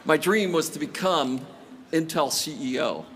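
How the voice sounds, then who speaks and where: A man's voice: on the high side, animated, unhurried, a bit bright, slight background noise. A man in his sixties giving a commencement address, telling stories with self-deprecating jokes. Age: 60s. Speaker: commencement speaker. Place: large outdoor graduation ceremony.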